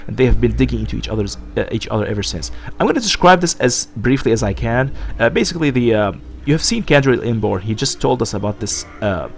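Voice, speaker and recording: Faint music sits behind a man who's feeling sick while hosting a let's play, rambling and musing aloud with plenty of fillers as he reads the game's lines. His mid-range voice is lively in intonation and quick, barely pausing.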